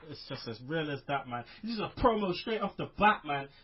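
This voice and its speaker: A man's voice: fairly high pitch, lively intonation, a little fast, slightly rough. A man hosting a casual wrestling podcast, rambling with lots of fillers in an upbeat way, over a muffled online call. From United Kingdom. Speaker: podcast host.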